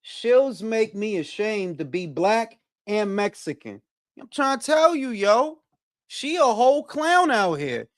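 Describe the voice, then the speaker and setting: A man's voice: high-pitched, very animated, slow, dry recording, studio quality. Blunt, profane Detroit man ranting. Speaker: boxing talk show host. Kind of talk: casual livestream commentary.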